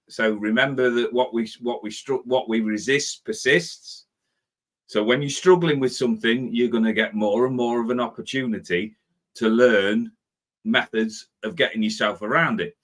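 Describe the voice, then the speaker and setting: Animated man in his fifties. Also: mid-range voice. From Britain. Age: 50s. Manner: animated, acts out his own impatient inner voice. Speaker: spiritual life coach host. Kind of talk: motivational talk.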